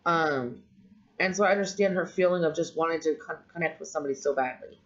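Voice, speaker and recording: A woman's voice: low voice, fast talker. A woman vlogger telling a personal story in a candid, rambling way, with frequent ums and restarts. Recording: dull lo-fi audio.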